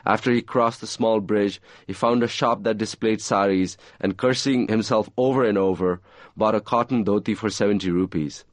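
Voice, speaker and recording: A man reading aloud from his own novel in a measured, even storytelling manner. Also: lowish voice, no room sound.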